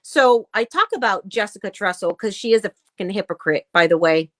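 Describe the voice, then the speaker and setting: A woman co-hosts a casual talk-show podcast, ranting bluntly and swearing while reading posts aloud. Her medium-pitched voice is a little fast and a bit bright, with no room sound.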